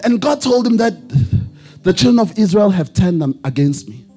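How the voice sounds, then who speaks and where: A male preacher delivering a sermon in a husky voice, with a sing-song preaching cadence that rises into shouts. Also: high-pitched, animated, normal speed, faint music behind.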